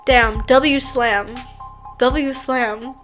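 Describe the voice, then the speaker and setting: Giggly high-voiced young woman streamer. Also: steady tone, extremely slow, a bit bright, faint music behind. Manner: giggly, chatty, reading chat aloud. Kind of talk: casual chat.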